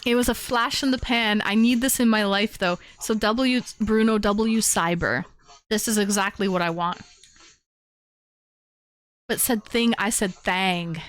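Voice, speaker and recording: A young woman hosting a live-streamed call-in show, chatting casually and getting excited as she talks. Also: on the high side, a little slow, long pauses. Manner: excitable, chatty, bursts into shouting and humming beats.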